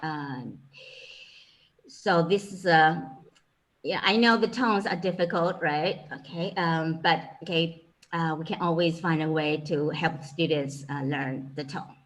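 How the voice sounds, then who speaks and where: A Chinese-accented woman teaches Chinese in a relaxed, informal lecture, peppering her speech with "you know" and "okay." Her voice sits low and she takes her time, though the recording quality is poor.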